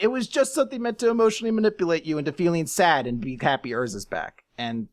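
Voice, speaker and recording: A podcast co-host in casual chat, ranking a list, animated and sarcastic, breaking into shouted impressions. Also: medium pitch, fast.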